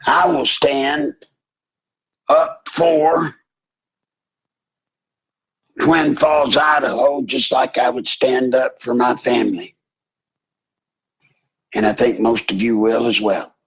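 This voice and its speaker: An older man hosting a call-in radio show, preaching with fiery passion and rising to shouts. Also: mid-range voice, fairly even intonation, takes it slowly, long pauses, slightly rough. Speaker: radio talk show host. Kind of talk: impassioned call-in radio talk. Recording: dull lo-fi broadcast audio.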